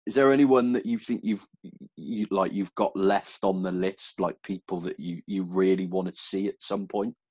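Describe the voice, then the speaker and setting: A man's voice: deep voice, fairly even intonation, normal speed, few pauses, a little mellow, breathy edge, dry recording. A man hosting a podcast interview, asking questions in an easygoing, hesitant way with many fillers. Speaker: podcast host. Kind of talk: casual interview chat.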